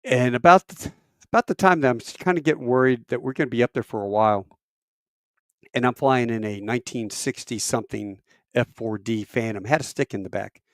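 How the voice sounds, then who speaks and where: A middle-aged man tells a story from his service days in a casual, rambling way. He is animated and self-mocking, and his voice sits in a middle range. The sound is close and dry, with no room around it. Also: a little fast, no room sound. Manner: animated, acts out quoted voices with big pitch jumps; self-deprecating, rambling with fillers. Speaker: military veteran storyteller.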